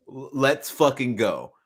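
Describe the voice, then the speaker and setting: Man, podcast co-host, casual chat, profane, slangy, bouncy lively pitch. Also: slightly rough. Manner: animated, slangy and profane, with repeated restarts.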